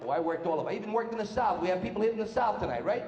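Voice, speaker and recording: Brash New stand-up comic, echoey club. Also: male voice, high-pitched, expressive, darkish tone, highs cut off, a little hiss or hum. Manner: brash rapid-fire joke delivery, putting on characters' voices. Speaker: stand-up comedian. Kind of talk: stand-up comedy routine. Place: stage before a live audience. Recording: echoey live club sound with room reverb.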